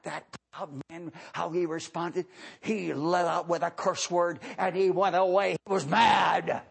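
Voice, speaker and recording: A man preaching a revival sermon who swings between fervent shouted highs and low, hushed passages. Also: little pitch movement, measured pace, creaky, slightly rough.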